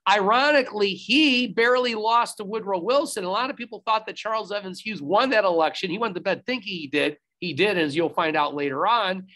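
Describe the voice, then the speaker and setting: A man with a high, sharp voice teaches history in a recorded video lecture captured on a laptop video-call setup. He speaks briskly with few pauses and emphatically, repeating instructions and tossing asides to the class.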